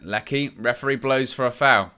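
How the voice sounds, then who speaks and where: A man talks through a football match live for his stream, in loose running commentary full of fillers and restarts. His voice is bright and forward, with a clean, clear tone. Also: medium pitch, normal speed. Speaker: fan channel host.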